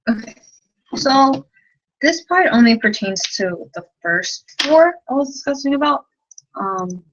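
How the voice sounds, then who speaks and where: A woman's voice: mid-range voice, fairly bright tone, muffled recording. A young woman teaching a casual livestream lesson from her bedroom at night, rambling, giggly and self-deprecating, with lots of "like.". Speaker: language tutor.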